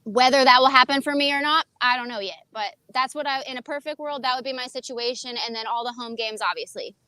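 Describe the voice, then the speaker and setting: A woman's voice: sits high, fast talker, pushed and bright, clean tone, no room sound. A woman guesting on a sports podcast, chatting casually, bubbly and full of "like". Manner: bubbly, peppered with "like", laughs easily. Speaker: guest co-host, fan club leader.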